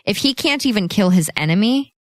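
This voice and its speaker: A woman's voice: medium pitch, a little fast, no echo, studio quality. A woman in her twenties co-hosting a podcast, chatting casually and laughing often. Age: 20s. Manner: chatty, giggly, animated. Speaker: podcast co-host. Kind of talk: casual chat.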